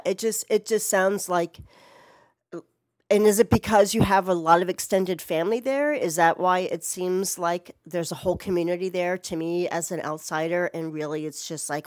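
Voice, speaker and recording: A woman's voice: on the low side, a little mellow, no echo. A middle-aged woman chatting casually from home in a response video, rambling and swearing with lots of "like". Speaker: vlogger. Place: home, Portland.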